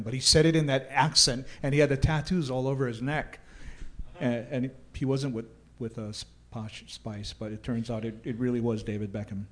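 A man, a ghost tour guide telling stories in a relaxed way with dry humor and plenty of fillers. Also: medium pitch, moderate pace. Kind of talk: casual storytelling chat.

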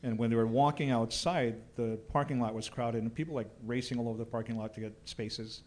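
Relaxed man telling stories. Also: medium pitch, fairly quick. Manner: relaxed storyteller, dry humor, many fillers. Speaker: ghost tour guide. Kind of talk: casual storytelling chat.

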